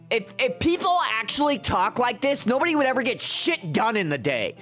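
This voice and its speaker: A man's voice: very high-pitched, very animated, normal speed, few pauses, a bit bright, soft background music. A male streamer doing live gameplay commentary in exasperated, profane, mocking rants, rambling through stories with restarts.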